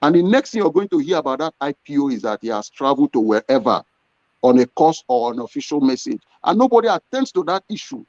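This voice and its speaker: A man's voice: mid-range voice, big pitch swings, fast, a little mellow, no echo. A man, a business owner, answering interview questions in an earnest storytelling way. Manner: earnest, storytelling with acted quotes. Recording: dull lo-fi sound.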